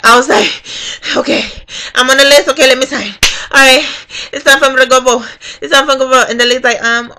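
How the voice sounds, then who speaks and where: A woman's voice: high-pitched, steady tone, fast talker, sharp tone. A young woman telling a profane storytime rant as a vlogger, acting out the people in her story. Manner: profane, acts out every voice in the story.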